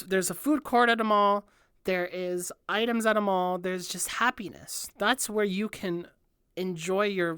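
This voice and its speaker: A woman's voice: mid-range voice, a bit bright, clear, resonant tone, dry recording. Woman, streamer, casual improvised breakdown, rambling, swears a lot, resonant voice, dead-dry room. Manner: rambling, lots of "like" fillers, swears freely. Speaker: streamer reacting to an album.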